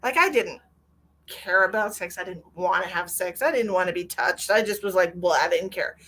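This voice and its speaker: Her voice is fairly low and fairly bright, moving at a normal speed. The middle-aged psychic medium keeps her livestream chat casual, candid, and emotional, swearing freely as she reads out comments from viewers.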